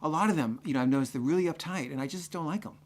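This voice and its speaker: A stubborn young man, as a storyteller quotes him, brushing things off in an offhand, shrugging way. The voice sits a little high and stays casual. He sounds sure of himself and unbothered. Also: racing, lightly acted. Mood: dismissive. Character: young man, dismissive, stubbornly prejudiced friend.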